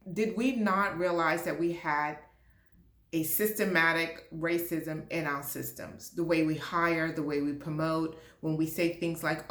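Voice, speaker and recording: A woman's voice: lowish voice, fairly bright tone, roomy sound. A woman speaking as an HR and diversity leader, talking to camera in a passionate, emphatic rant. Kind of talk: direct-to-camera talk.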